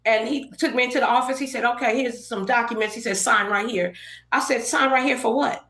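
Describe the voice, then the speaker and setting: Brisk and fairly high-pitched, a middle-aged woman from LA shares a story as a podcast guest. She's an animated teller who performs the lines of everyone in the tale, and the casual interview was captured in an echoey, roomy space.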